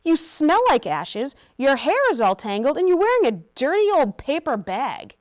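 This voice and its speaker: A snooty young prince from a storybook, loud and scornful, as a woman reads him. The voice sits fairly high and swoops with disdain. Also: big pitch swings, moderate pace, dry recording, clean studio sound. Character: vain, rude young prince.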